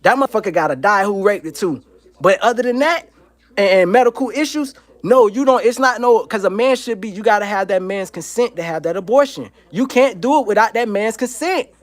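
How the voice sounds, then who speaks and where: A man's voice: sits high, expressive, a little fast. A man hosting a livestream from home, ranting in a heated, profane, emphatic way and repeating his points. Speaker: livestream host.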